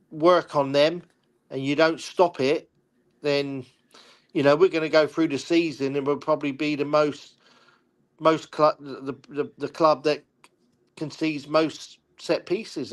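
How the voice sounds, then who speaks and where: Older male pundit, slightly high voice, stop-start delivery, frustrated tone, livestream chat. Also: steady tone. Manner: halting, repeats words, frustrated. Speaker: guest pundit, former player. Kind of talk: casual football discussion.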